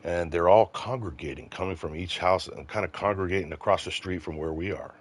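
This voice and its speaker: A middle-aged former police officer tells a story in casual conversation, swearing a great deal. His voice is low and a little fast, and he's an animated, profane storyteller.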